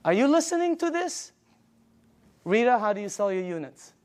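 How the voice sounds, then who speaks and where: Energetic high-voiced older man pitching a business. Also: moderate pace. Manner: energetic, emphatic, acts out phone conversations. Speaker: business presenter. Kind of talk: sales presentation.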